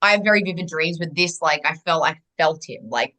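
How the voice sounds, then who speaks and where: A young adult woman, a guest in a casual interview, telling a personal story in a rambling, animated way full of restarts. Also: low-pitched, brisk, low-quality recording.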